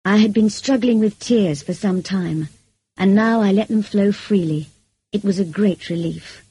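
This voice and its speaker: A woman giving a gentle, measured first-person narration of an audiobook. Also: mid-range voice, slightly rough, no echo, soft background music, rough recording.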